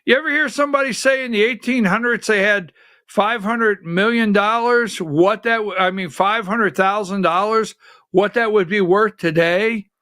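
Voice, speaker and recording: A man's voice: high-pitched, normal speed, pushed and bright, no echo, clean studio sound. A man hosting a live political talk show, speaking conversationally and firing off rhetorical questions at his listeners.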